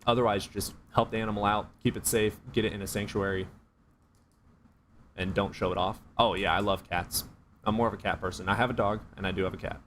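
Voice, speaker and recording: A man with a lower-pitched voice chats loosely with his live-stream viewers, swearing freely and joking as he rambles. A faint hum of noise sits under his voice. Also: fairly even intonation, fairly quick, a bit bright. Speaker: streamer answering chat. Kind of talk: casual live-stream chat.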